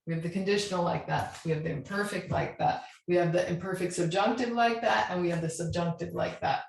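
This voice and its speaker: Woman, teacher, patient explaining, lowish voice, echoey room. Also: fairly quick, gravelly. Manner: patient, checks in with "right?" and spells endings out. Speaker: Spanish teacher. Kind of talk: classroom lesson.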